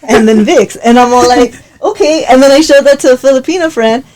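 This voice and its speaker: A young woman in casual podcast chat, talking in quick bursts and laughing often as she tells her stories. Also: sits high, darkish tone. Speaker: podcast guest.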